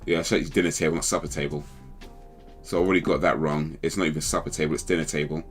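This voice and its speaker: A man's voice: very deep voice, flat delivery, racing, faint music behind. A man hosting a casual livestream chat, rambling and thinking aloud as he second-guesses himself. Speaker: livestream host.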